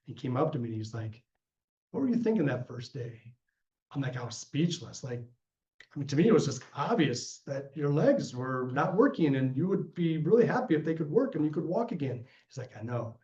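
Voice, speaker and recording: In a lecture room, a guest lecturer with a fairly high pitch talks a little fast while answering questions. His anecdotes about his work come alive as he voices the characters, though he keeps restarting. The recording sounds roomy and dull.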